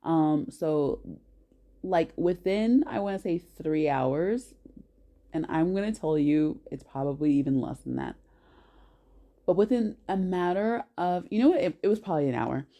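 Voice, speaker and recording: A woman telling a personal story to camera in an animated, emphatic way, often correcting herself mid-sentence. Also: low voice, measured pace, muffled recording.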